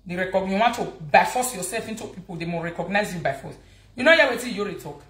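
Woman, Nigerian accent, gossip vlog host, mocking, animated, middle pitch, roomy echo. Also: quick pace. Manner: animated, mocking, repeats words for emphasis. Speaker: gossip vlogger. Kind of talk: casual gossip commentary.

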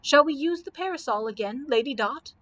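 A woman's voice: high-pitched, lively intonation, a little fast, a bit bright, pitched above the performer's own voice. Woman doing a wistful, courtly knight. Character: gallant old-fashioned male knight.

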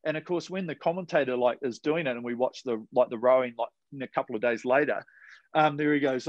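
A man's voice: fairly high pitch, animated, fairly quick, dry recording, dull audio. A man with a New Zealand accent, a podcast guest telling sports stories in a laid-back, slangy way with casual swearing. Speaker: podcast guest, retired rower. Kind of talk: casual storytelling chat.

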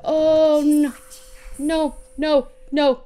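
A woman's voice: sits high, level tone, extremely slow, warm tone. A young woman playing a horror game on her channel, panicking, shrieking and laughing nervously as she talks. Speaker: let's play gamer.

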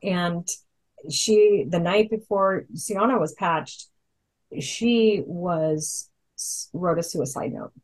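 A woman with a fairly low voice tells stories in casual chat. She rambles a little, filling pauses with ums and restarting sentences. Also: a little mellow, rough recording. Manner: chatty storyteller, many ums and restarts. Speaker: product presenter. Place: Hawaii.

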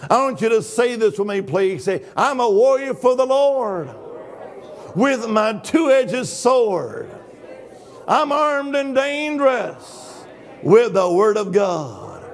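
A high-pitched older man preaching a lively sermon. He swings between storytelling and shouted praise, acting out the voices in his tale. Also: slow pace. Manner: exuberant, shouting hallelujahs, acting out dialogue. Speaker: guest preacher. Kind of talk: Pentecostal-style sermon.

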